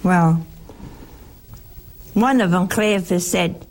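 A woman's voice: medium pitch, animated, slow, vocal fry, pauses often, darkish tone. A woman giving a conversational sermon as a Bible teacher, teasing her listeners with rhetorical questions.

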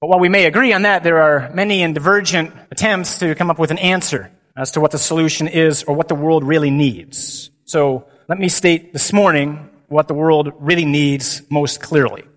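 A man, a priest, giving a lively and humorous conference talk with emphatic delivery. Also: a little high, moderate pace, hardly any pauses. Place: large hall. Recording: long hall reverb.

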